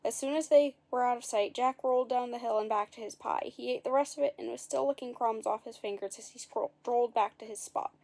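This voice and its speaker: A woman's voice: on the high side, fairly quick, creaky, few pauses, a little mellow. A woman reading a children's story aloud, with playful asides to the listeners.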